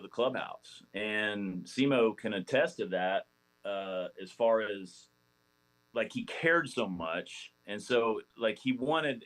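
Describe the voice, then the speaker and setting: A man in his forties, a former ballplayer guesting on a podcast, telling stories in a rambling, animated way with many restarts. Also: medium pitch, poor audio. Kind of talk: casual storytelling interview.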